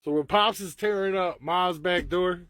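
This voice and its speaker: A man's voice: high voice, moderate pace, fairly bright tone, dry recording. A man asking crude joking questions and laughing as he talks. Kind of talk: crude casual chat.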